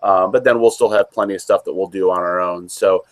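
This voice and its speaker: Deep-voiced man chatting casually. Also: steady tone, brisk. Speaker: co-host. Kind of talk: casual chat.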